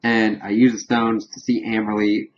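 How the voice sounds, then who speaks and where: Low-voiced man recapping a show, lo-fi. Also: little pitch movement, moderate pace. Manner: retells scenes loosely with "he's like" quotes and fillers. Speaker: TV show reviewer. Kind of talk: casual spoiler recap review.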